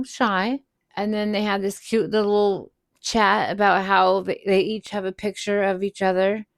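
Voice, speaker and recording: Unhurried woman recapping a movie. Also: medium pitch, vocal fry, no room sound. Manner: retells scenes with quoted lines, laughs often. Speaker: podcast co-host. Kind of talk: casual movie recap chat.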